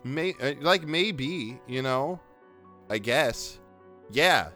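A man's voice: medium pitch, lively intonation, drawn-out words, bright, forceful tone, faint music behind, full character voice. A man voicing an angry, suspicious teenage boy who swears and stammers in a tabletop role-play. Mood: flustered.

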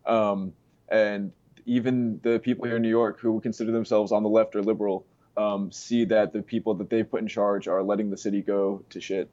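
A man with a fairly low voice talks politics in a loose, halting way, padding his sentences with fillers. The audio is dull and lo-fi, like a remote call. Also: little pitch movement, mellow. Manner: halting, many fillers and "you know". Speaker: street interviewer guest. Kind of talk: casual political chat.

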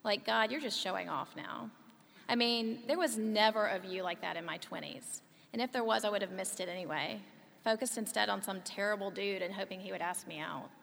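Reading a scripted conversation, a mother in her thirties who co-hosts speaks in a chatty storytelling manner full of lively asides. Her voice is medium-pitched, gravelly, and a little fast, captured with long hall reverb and faint ambience.

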